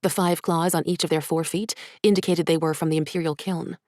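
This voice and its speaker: A woman, an author, reading her own short story in soft, measured, hushed narration. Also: sits low, fairly even intonation, no echo, studio quality.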